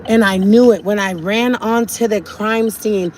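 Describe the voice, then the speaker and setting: A woman's voice: medium pitch, fairly even intonation, measured pace, darkish tone, slight background noise. A woman talking urgently and indignantly to her viewers on a live stream from a car, often repeating herself. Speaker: livestreamer.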